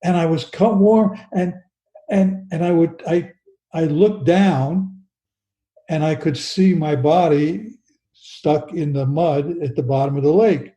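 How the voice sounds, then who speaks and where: An older man slowly and earnestly telling a personal story as an interview guest, often restarting his sentences. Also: fairly high pitch, dark tone, roomy sound, low-quality recording.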